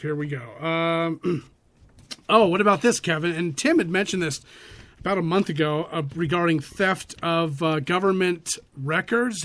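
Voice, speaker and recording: A middle-aged man hosting a radio show in loose, rambling casual banter, quick to laugh. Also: a little high, fairly bright tone.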